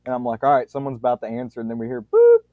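A man on a podcast spins a long, rambling anecdote, often restarting his sentences and swearing casually. His voice comes through narrow and tinny, like a phone line, with a dry sound and no room echo. His pitch is average for a man. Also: little pitch movement, rapid-fire. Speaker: podcast storyteller.

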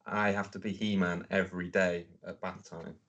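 Deep-voiced man, dry and understated. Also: flat delivery, normal speed, fairly bright tone, muffled recording. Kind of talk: casual chat.

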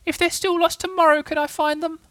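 A man's voice: very high voice, little pitch movement, fairly quick, sharp tone, no room sound, voice pushed up. A man voicing an eager little boy kangaroo. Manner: eager, piping.

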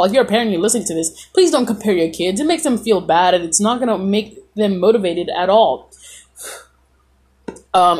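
A woman's voice: mid-range voice, darkish tone. A young woman telling a story in a casual, rambling and sarcastic way, full of fillers. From Mexican family. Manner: rambling, sarcastic, frequent "like" and "bro".

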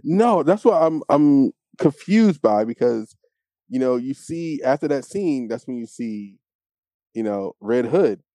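Podcast co-host, male, casual storyteller; dark tone, swooping pitch, dry close sound. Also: unhurried, no room sound. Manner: animated storytelling, acts out quotes. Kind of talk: casual chat.

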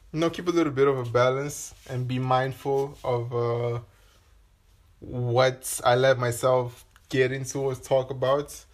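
Casual male podcast host, solo monologue, rambling delivery with casual swearing, mid-range voice. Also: medium pitch.

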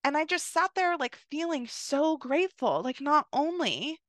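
Young woman rambling thru a story, kinda high voice, dry close sound, says like a lot. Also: moderate pace, no echo. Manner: chatty, lots of "like", quotes people in lively voices. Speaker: podcast host. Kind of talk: casual storytelling.

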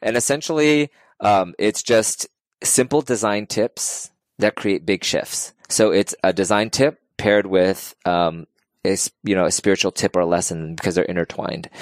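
Deep-voiced man, earnest and emotional. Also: dry recording, studio quality. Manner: earnest, emotional, animated storytelling. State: tearing up. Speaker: podcast guest. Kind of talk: casual interview chat.

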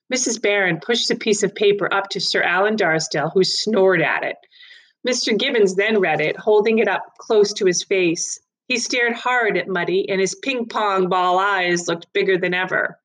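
A woman's voice: mid-range voice, breathy edge, rough recording. Woman reading a storybook aloud. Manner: even, measured narration.

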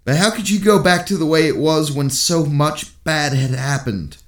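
A man's voice: a little high, moderate pace, voice pushed up, lightly acted. A man doing a put-on English accent as a loyal, earnest young male hobbit gardener, reciting a heartfelt monologue.

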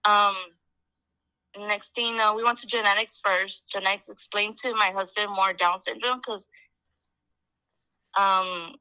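A young woman chatting as a podcast guest. She tells her story in a loose, talky way, with lots of "like" and "um", and voices the people she quotes. Her tone is bright and clear, and she sounds close and dry, with no room echo. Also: mid-range voice, fairly even intonation, unhurried, pauses often. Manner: chatty, heavy on "like" and "um", acts out quoted dialogue. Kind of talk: casual storytelling chat.

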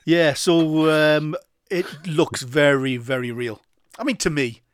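A man in relaxed chat, spinning jokey stories and laughing along. His voice sits a touch higher than most men's. The sound is close and dry. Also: a little slow, no room sound. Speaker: podcast co-host. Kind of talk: casual chat.

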